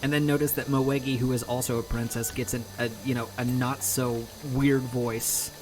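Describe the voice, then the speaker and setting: A man's voice: medium pitch, little pitch movement, moderate pace, music in the background, poor audio. A man streaming a video game, chatting casually in a rambling, self-mocking way and laughing often. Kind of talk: casual chat while gaming.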